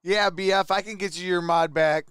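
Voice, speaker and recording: A man hosting a casual live stream with a hoarse, worn-out voice, who greets viewers one by one and laughs often. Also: sits high, steady tone, moderate pace, a bit bright, no echo, studio quality. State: hoarse, voice nearly gone. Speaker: livestream host.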